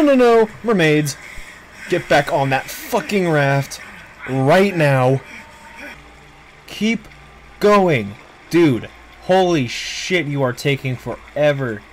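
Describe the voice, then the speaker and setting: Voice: mid-range voice, animated, slow, long pauses, a little hiss or hum, low-quality recording. A streamer giving casual let's play commentary on a horror game, panicking and swearing and laughing between scares. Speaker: gameplay streamer.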